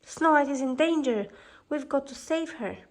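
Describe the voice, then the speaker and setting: A woman doing a gruff grouchy dwarf. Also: high voice, animated, moderate pace, pitched above the performer's own voice. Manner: growling, gruff. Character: grouchy little male dwarf miner. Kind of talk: storybook reading.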